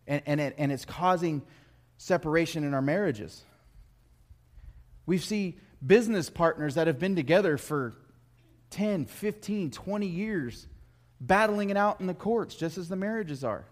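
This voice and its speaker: A man preaching a sermon in a conversational way, telling personal stories with joking asides and stumbling restarts. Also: a little high. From United States. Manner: conversational, joking asides, repeats words when starting.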